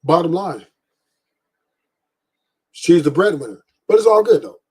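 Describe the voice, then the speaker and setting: A man's voice: on the high side, expressive, unhurried, a little mellow, husky. A man hosting a livestream, ranting bluntly with profanity and repeated emphasis. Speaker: podcast host. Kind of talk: livestream commentary rant.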